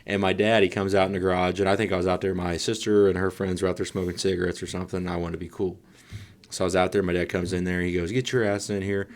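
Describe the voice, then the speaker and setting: Give me a low-pitched man in his thirties telling rowdy, profane stories on a podcast. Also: fast. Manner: profane, animated storyteller acting out voices. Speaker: podcast co-host. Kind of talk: casual storytelling chat.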